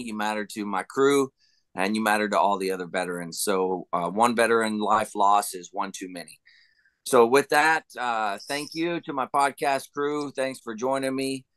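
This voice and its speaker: A man's voice: on the low side, a bit bright, no echo. A man hosting a podcast, closing the show in an earnest, plain-spoken way. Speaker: podcast host. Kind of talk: show sign-off.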